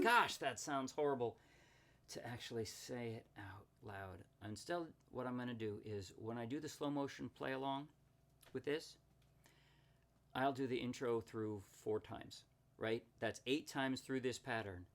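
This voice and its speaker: A man's voice: medium pitch, expressive, moderate pace, loud music behind the voice. Chatty man teaching ukulele over strumming. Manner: chatty, self-correcting, apologetic asides. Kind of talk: casual tutorial explanation. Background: ukulele playing.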